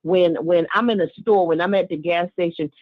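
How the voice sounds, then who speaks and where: Lady calling in over a thin tinny phone line, lowish voice, heartfelt and chatty. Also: steady tone, a little fast, no echo. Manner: heartfelt, with warm asides and repeated words. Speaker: caller. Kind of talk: casual call-in talk.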